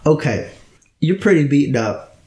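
A man serves as game master for a tabletop game, narrating with quick, laughing energy. His voice sits a bit high. The recording has a roomy echo. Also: expressive, warm tone.

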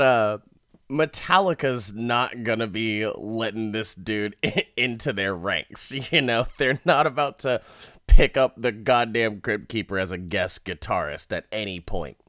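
A man talks his way slowly through a movie plot, cracking himself up and swearing loosely as he goes. His voice sits at an ordinary middle pitch and sounds dry and close to the mic. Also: a bit bright, dry recording. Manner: laughs often, swears freely, rambling. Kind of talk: casual movie recap.

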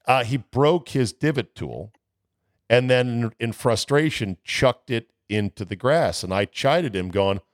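A man's voice: medium pitch, expressive, measured pace, no echo, clean studio sound. A man hosting a golf radio show, telling easygoing stories in casual chat.

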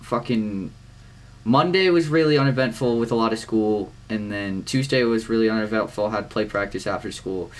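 A teenage boy co-hosting a podcast, rambling through his week in casual chat, swearing often and filling pauses with "um" and "like.". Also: lowish voice. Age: teens. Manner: rambling, swears a lot, many fillers. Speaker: podcast co-host.

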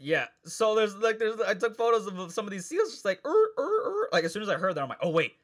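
Guy chatting on a podcast, kinda high voice, rambles, swears a lot. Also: lively intonation, fast, fairly bright tone. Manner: rambling, profane, laughs often. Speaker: podcast co-host. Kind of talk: casual chat.

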